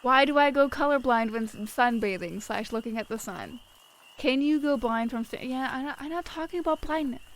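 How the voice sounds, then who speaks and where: A woman's voice: a little high, slight background noise, rough recording. Casually swearing woman streamer chatting. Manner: swears freely, rambling with filler words. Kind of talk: casual live-stream chat, reading viewer messages. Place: at her desk at home.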